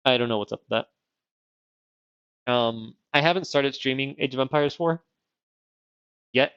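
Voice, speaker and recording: A male streamer plays a strategy game live while chatting casually and thinking aloud, rambling and self-deprecating, wearing dental retainers. His medium-pitched voice is unhurried, smooth and a bit bright, in a dry, lo-fi recording.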